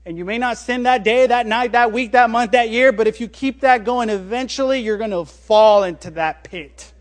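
A man preaching a sermon as a pastor, telling a story with animated rises and quiet, low drops on key words. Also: moderate pace.

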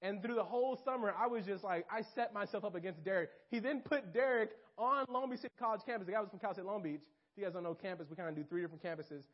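A young man giving a casual storytelling sermon to a church group, animated and full of fillers. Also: sits high, fast talker, few pauses. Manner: animated and casual, lots of fillers and acted-out quotes. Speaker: campus minister speaking to a church group. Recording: dull lo-fi recording.

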